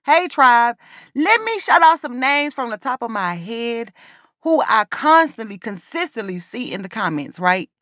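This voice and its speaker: A woman's voice: a little high, big pitch swings, moderate pace, a bit bright, no room sound, clean studio sound. A woman waxing esthetician giving chatty, emphatic voice-over commentary on her work, with rambling asides.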